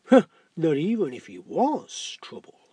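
A storyteller voicing a fussy male gatekeeper who politely frets, with a husky voice. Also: medium pitch, wildly swooping pitch, measured pace, dark tone, no room sound, pitched above the performer's own voice, exaggerated voice. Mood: fretting.

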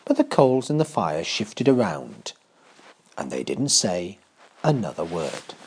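A man reading a fairy tale aloud, expressive and dramatic. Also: sits low, slow, slight background noise. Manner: expressive, dramatic, pace shifting with the action. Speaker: storyteller. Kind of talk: storybook narration.

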